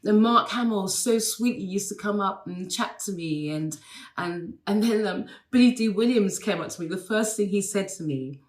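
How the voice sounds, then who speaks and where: A woman's voice: mid-range voice, normal speed, reverberant. A woman with an English accent sends a recorded message, telling stories in a chatty way with many fillers and restarts. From England. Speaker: guest sending a recorded message. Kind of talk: casual recorded anecdote.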